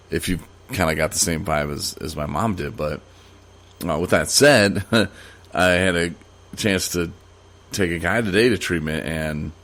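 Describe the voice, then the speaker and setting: A man's voice: a bass voice, fairly bright tone. A man hosting a podcast, talking casually and rambling, with many fillers and restarts. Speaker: podcast host. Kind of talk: casual solo podcast monologue.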